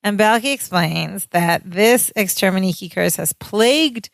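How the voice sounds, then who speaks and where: A woman of middle pitch, chatting casually as a podcast co-host. She retells a sitcom scene with animated delivery and acts out the characters' lines. The recording is dry and close-miked. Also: a little slow, vocal fry, no room sound. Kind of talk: casual chat recapping a sitcom.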